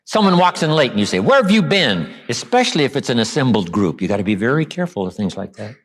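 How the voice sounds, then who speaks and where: A man giving a motivational seminar lecture. He tells stories, acts out quoted lines, and slows down and drops low for emphasis. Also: very animated. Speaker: motivational speaker.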